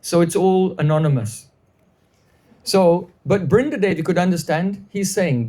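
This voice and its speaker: A man's voice: high voice, expressive, unhurried, warm tone. A man teaching in a live devotional storytelling class, explaining at length, repeating phrases, and checking in with listeners.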